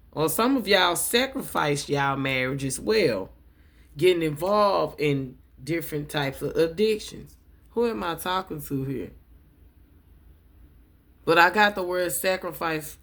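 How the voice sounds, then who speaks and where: A woman's voice: on the low side, gravelly, fairly bright tone. A woman giving a tarot reading to her viewers, emotional and repeating affirmations as she speaks to them directly. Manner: addresses viewers as y'all. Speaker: tarot reader and coach.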